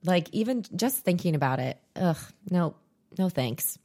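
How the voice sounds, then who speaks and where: A woman's voice: lowish voice, expressive, normal speed, dark tone. A woman in her thirties co-hosting a podcast, telling stories in a dry, self-mocking casual chat. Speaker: podcast co-host.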